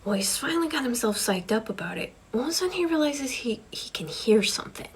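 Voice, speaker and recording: A woman telling a spooky campfire ghost story in a hushed, mostly whispered voice. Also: a little high, very animated, fast talker, a little hiss or hum, rough recording.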